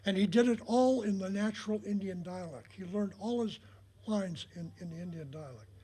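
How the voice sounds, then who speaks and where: Older man, husky voice, highish pitch, rambling anecdotes, lots of uhs, acts out dialogue. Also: dark tone. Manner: rambling, many filler pauses, acts out quoted dialogue. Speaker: retired prop master giving a talk. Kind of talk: anecdotal storytelling talk. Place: talk in front of an audience.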